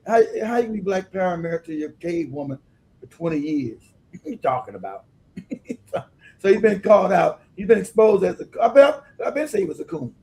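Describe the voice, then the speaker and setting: A man hosting a livestream, delivering emphatic, animated commentary and laughing often as he talks. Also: high-pitched, a little fast. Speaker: livestream host.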